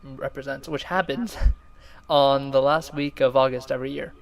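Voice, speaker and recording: A young man co-hosting a casual gaming podcast, relaxed, rambling and jokey. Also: mid-range voice, normal speed, gravelly, low-quality recording. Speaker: podcast co-host.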